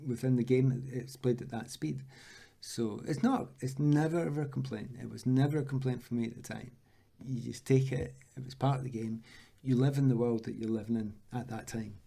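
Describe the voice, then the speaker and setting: Gravelly Scottish man telling stories. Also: mid-range voice, fairly quick, few pauses. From Scotland. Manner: lively storyteller, acts out quoted voices. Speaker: former footballer, interview guest. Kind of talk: anecdotal interview chat.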